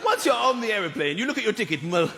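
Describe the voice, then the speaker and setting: A man's voice: sits high, sing-song, racing, over a noisy crowd, very noisy. A man performing stand-up comedy on a large theatre stage, telling stories animatedly and acting out characters. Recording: echoey theatre with loud audience laughter.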